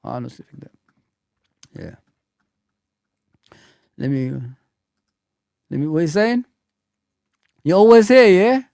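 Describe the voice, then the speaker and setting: A man's voice: sits high, big pitch swings, slow, pauses often, mellow, no echo, clean studio sound. A man hosting a live football fan stream, teasing viewers, bantering and swearing often. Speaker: football fan channel host.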